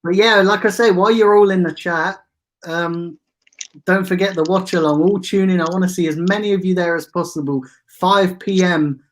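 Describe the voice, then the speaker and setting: A man's voice: high-pitched, fairly even intonation, moderate pace. Chatty man hosting a livestream. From England. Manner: chatty, reads out viewer comments, banter. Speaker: fan channel host. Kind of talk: casual livestream chat.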